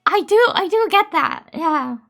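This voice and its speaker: A very high, bright-toned woman with a Japanese accent chats casually on her live stream, giggling and cutesy as she thanks viewers. Soft music plays faintly behind her. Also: expressive, a little slow, gravelly.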